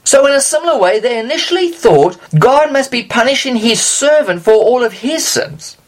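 Measured scripture teacher with a mid-range voice who stresses key words by slowing down. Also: mid-range voice, expressive. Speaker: Bible teacher.

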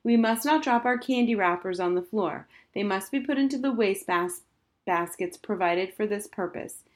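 A woman's voice: medium pitch, normal speed, pitched above the performer's own voice, close to an everyday voice. A woman reading an audiobook voices a spirited, stubborn young girl with an emphatic, sometimes sulky way of talking. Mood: scornful. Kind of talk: audiobook character voice.

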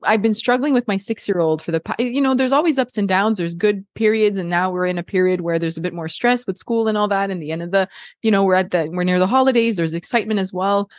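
Chatty mom host, dry close sound. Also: female voice, mid-range voice, quick pace, dry recording. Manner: warm, thinks aloud with restarts and laughs. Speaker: podcast host. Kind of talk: casual parenting chat.

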